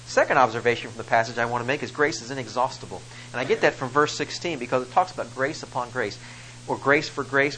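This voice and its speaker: A man's voice: mid-range voice, a bit bright, slight background noise, rough recording. A man preaching a sermon, reading scripture and explaining it with rising emphasis on key phrases. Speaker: pastor.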